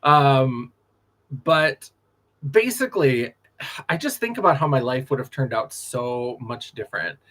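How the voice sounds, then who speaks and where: A man's voice: mid-range voice, animated, unhurried, a bit bright. A man from North Dakota, a drag performer telling stories in a sassy, laughing late-night chat.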